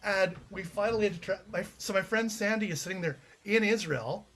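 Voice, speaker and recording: A man's voice: sits high, fairly quick, a bit bright. A man from Canada, a playwright being interviewed, telling anecdotes in a chatty way with frequent restarts. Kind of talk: casual interview chat.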